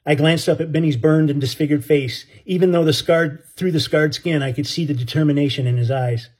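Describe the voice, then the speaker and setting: Husky-voiced male audiobook narrator. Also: a little high, brisk, darkish tone.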